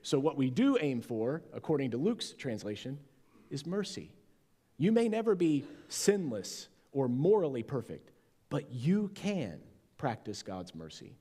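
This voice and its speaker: A male pastor preaches a sermon at a middle pitch, leaning hard on important words and slowing down to stretch them out. His voice carries a long, ringing reverb from the church sanctuary around him. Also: big pitch swings, dark tone.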